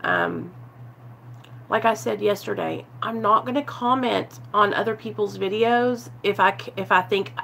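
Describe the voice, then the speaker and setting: A husky, medium-pitched woman's voice, bright and forceful, carries this casual live-stream talk. She is a vlogger opening up to her viewers about recovery, calling them "you guys" and pausing to answer chat comments as they arrive.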